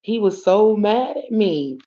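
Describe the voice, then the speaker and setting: A woman's voice: mid-range voice, animated, slow, mellow. A woman tells a casual story on a livestream from home. She is blunt and profane, uses slang and keeps calling out to her viewers. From Detroit, USA. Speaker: livestream host. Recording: dull lo-fi stream audio.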